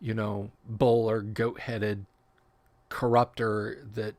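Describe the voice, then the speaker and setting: A man's voice: lowish voice, little pitch movement, slow, darkish tone, no echo. A man hosting a casual livestream, reading tabletop rule text aloud and breaking off for joking asides and self-corrections. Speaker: livestream host.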